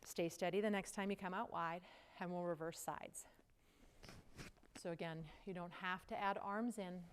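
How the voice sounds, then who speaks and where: A woman's voice: lowish voice, fairly even intonation, moderate pace, slight background noise. A woman teaching a yoga class, giving casual, chatty movement cues while out of breath from the exercise. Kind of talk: guided yoga class instruction.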